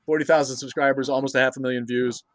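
A man's voice: medium pitch, steady tone, fast talker, no echo. A man as a podcast guest in casual chat, crude and joking, often repeating his words.

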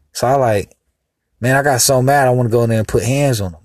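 A man's voice: mid-range voice, fast, darkish tone, dry recording. A man hosting a podcast in a casual, rambling monologue, heated and cursing now and then. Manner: rambling and heated, with vulgar asides. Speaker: podcast host.

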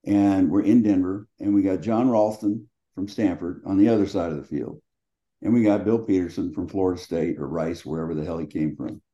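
A man's voice: low voice, brisk, mellow. A man in his seventies, a former quarterback, telling colorful, salty anecdotes as the guest in an interview. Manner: colorful, profane, laughing anecdotes. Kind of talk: storytelling in casual conversation. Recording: dull lo-fi sound.

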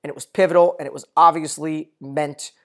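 A man's voice: a little high, fairly even intonation, fairly quick, fairly bright tone. A man co-hosting a casual TV recap podcast, walking through plot points in detail with fillers like "you know". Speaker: podcast co-host.

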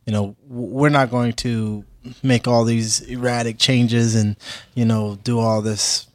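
A man's voice: medium pitch, flat delivery, unhurried, no echo, clean studio sound. A young man, a fighter, chatting easygoing in an interview, with lots of fillers and easy laughs. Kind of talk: casual interview chat.

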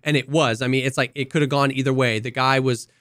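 A young man co-hosting a podcast tells a story in casual chat as an animated storyteller, acting out lots of quotes and coughing here and there. He speaks fast in a mid-range voice, and the studio recording is clean and dry.

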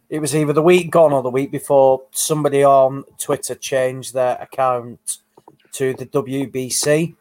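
A man's voice: medium pitch, darkish tone. A man, co-hosting a casual boxing podcast, telling an amused, rambling story. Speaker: podcast co-host.

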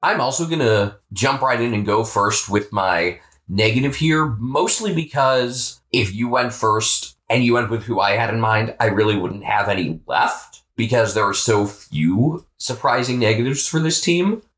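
An American man co-hosting a podcast, talking about football in a relaxed, offhand way with the odd swear. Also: medium pitch, a little slow, few pauses. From United States. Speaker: podcast co-host. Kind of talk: casual sports chat.

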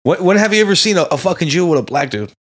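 Excitable slangy man calling everyone bro. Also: sits high, racing. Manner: slangy and excitable, says bro and dog constantly. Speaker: podcast co-host. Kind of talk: casual podcast chat.

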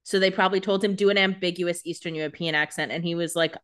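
A woman's voice: on the low side, little pitch movement, fast talker, fairly bright tone, clear, resonant tone. A woman co-hosting a podcast, chatting casually about a TV episode with wry jokes and frequent laughter. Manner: wry and joking, laughs often. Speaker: podcast co-host. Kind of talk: casual chat recapping a TV episode.

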